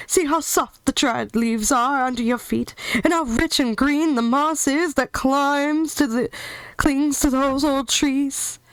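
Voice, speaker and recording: Woman doing a joyful high lion voice. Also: no echo, rough recording. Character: cheerful proud male lion.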